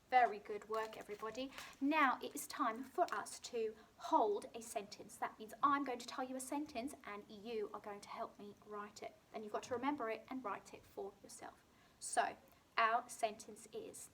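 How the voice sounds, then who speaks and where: A woman with a British accent teaching a phonics lesson to young children, sounding out words clearly and slowly. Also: a little high, a little hiss or hum. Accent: British English. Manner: slow, clearly sounded-out words with bright emphasis. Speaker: primary school teacher.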